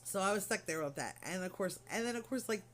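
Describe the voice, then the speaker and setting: A woman's voice: mid-range voice, lively intonation, quick pace, a bit bright. A middle-aged woman craft vlogger telling a story in casual, rambling chat full of fillers and asides.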